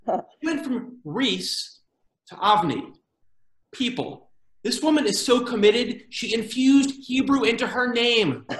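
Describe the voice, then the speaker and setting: A man performs a stand-up bit over a video call, his pitch bouncing all over as he jokes. His voice carries a roomy echo. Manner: animated, jokey, acts out voices in quotes. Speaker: comedian. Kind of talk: stand-up comedy routine.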